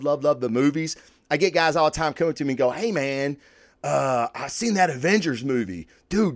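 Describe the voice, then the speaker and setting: Rambling, profane man, a bit high. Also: no echo, studio quality. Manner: rambling, heavy profanity, excitable. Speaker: podcast host. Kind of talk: casual monologue.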